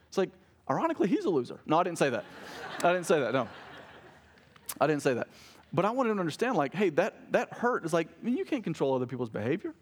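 A man's voice: fairly high pitch, big pitch swings, fast, slightly rough. Conversational man preaching. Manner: conversational preaching with family anecdotes and self-corrected jokes. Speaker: pastor. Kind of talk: sermon.

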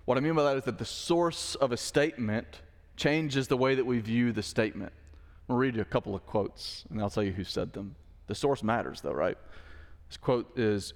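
A man's voice: lowish voice, moderate pace, in a large hall. A male pastor giving a sermon in an emphatic way, often asking the listeners rhetorical questions.

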